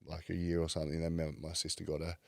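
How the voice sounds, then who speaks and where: A man's voice: very deep voice, monotone, rapid-fire, gravelly, darkish tone, dry recording, clean studio sound. A man, a podcast guest telling his life story in a casual, candid way, full of fillers and swearing. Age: 30s.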